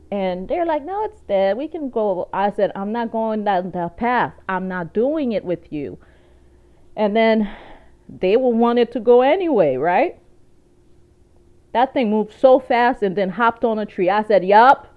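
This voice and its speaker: A woman chatting casually to her viewers, telling lively stories with plenty of asides. Her voice sits at an ordinary middle pitch. The recording sounds a bit dull and lo-fi. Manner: chatty, animated storytelling with laughs and asides. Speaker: vlogger. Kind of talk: casual chat.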